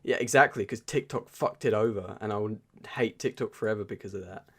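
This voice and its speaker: A man co-hosting a podcast, chatting casually and quoting favorite lines and memes in lively bursts. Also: on the low side, brisk. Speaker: podcast co-host. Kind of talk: casual chat.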